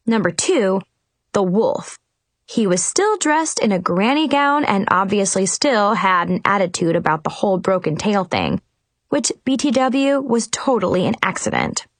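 Woman reading a storybook in first person, bouncy animated voice, dry close mic. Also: medium pitch, a little slow, no room sound. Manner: animated, expressive, chatty. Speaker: audiobook narrator.

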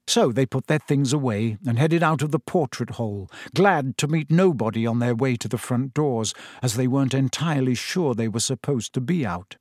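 A man narrating a novel in a measured storytelling manner. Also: medium pitch, animated, darkish tone, no echo, studio quality. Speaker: audiobook narrator. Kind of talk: scripted narration.

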